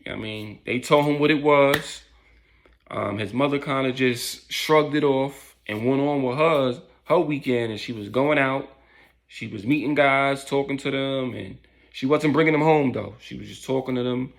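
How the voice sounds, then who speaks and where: A man's voice: mid-range voice, normal speed, gravelly. A man casually telling a story in loose street slang, with lots of fillers.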